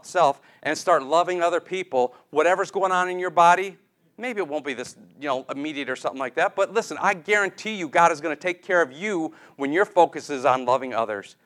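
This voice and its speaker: A man's voice: fairly high pitch, fairly bright tone. Earnest man preaching a sermon. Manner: earnest, storytelling, pleading. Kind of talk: sermon with prayer.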